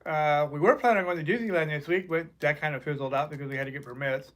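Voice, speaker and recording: A man from the United States co-hosting a live webcast, easygoing and quick to agree. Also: on the high side, fairly bright tone. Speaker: co-host. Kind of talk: casual live webcast chat.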